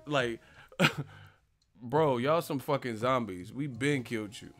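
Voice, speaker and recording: A man's voice: medium pitch, slow pace, fairly bright tone, soft background music. A man hosting a boxing live stream, reading chat questions and answering in a brash, mocking, profane trash-talk manner.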